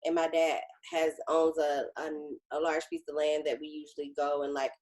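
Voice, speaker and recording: A woman co-hosting a casual podcast, telling family stories in a relaxed way and acting out what others said. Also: deep voice, moderate pace. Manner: relaxed storyteller, acts out quoted voices. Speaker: podcast co-host. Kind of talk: casual chat.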